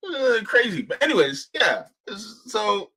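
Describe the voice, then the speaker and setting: A man hosting a political talk stream, fiery and argumentative, piling up rhetorical questions. His voice sits a bit high and swings widely in pitch. The tone is bright and forceful. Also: very animated, measured pace, slightly rough. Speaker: host. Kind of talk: political commentary on a livestream.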